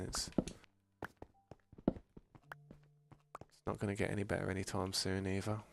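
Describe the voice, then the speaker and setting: A man's voice: lowish voice, gravelly, background noise. A man from England with a Birmingham accent, chatting casually to viewers while streaming a game, rambling and reading chat aloud. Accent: Birmingham English. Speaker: gaming streamer.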